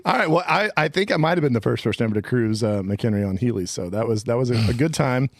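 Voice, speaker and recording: A man with an ordinary middle-pitched voice spins a playful, rambling story for his co-hosts, often breaking into laughter. His voice is close and dry, with little room sound around it. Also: expressive, fast, dry recording. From California. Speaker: podcast host. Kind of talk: casual comedic banter. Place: outdoor studio.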